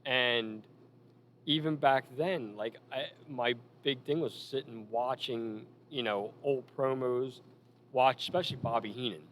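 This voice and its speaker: A man telling stories casually about managing in wrestling, animated and full of quoted lines. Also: mid-range voice, a little slow, slight background noise. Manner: animated anecdotes with acted quotes. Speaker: former wrestling manager, guest. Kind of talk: casual storytelling.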